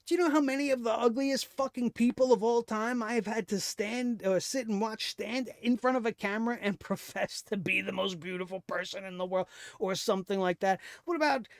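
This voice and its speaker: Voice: medium pitch, a little fast, few pauses, no echo, studio quality. Profane, heated wrestling show reviewer. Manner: profane, sarcastic, heated rant.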